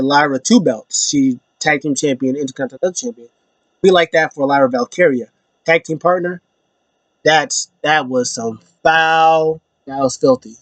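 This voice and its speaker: A young man recapping wrestling in a loose, slangy vlog style. His voice sits a little high, and he breaks into pitched-up imitations of the wrestlers. The sound is dry and close, with no room around it. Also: fairly bright tone, no echo. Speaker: wrestling show reviewer. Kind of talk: casual opinion vlog.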